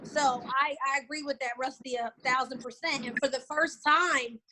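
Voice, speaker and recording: A middle-aged woman telling a story on a video call, animated and repeating herself. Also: high voice, moderate pace, noisy background. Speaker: guest. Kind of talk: casual video call chat.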